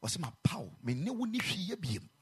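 A man preaching a sermon in a chapel, moving between quiet speech and loud sung exhortation. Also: sits high, very animated, quick pace, husky.

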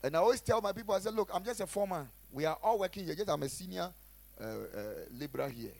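A man preaching a sermon as pastor, emphatic, repeating phrases and swinging between loud and quiet. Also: high-pitched, lively intonation, quick pace, vocal fry. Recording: faint music behind.

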